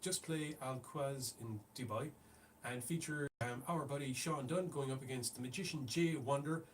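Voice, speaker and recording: A man's voice: mid-range voice, moderate pace. A man co-hosting a wrestling podcast, chatting casually and rambling with lots of restarts. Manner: rambling, restarts often, laughs easily. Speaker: podcast co-host. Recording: distant mic with faint ambient noise.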